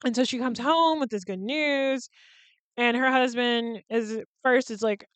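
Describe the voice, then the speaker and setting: Chatty woman with a smooth, crisp voice. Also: a little high, a little slow, no room sound. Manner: candid and chatty, swears freely and laughs mid-sentence. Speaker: podcast host. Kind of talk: casual chat.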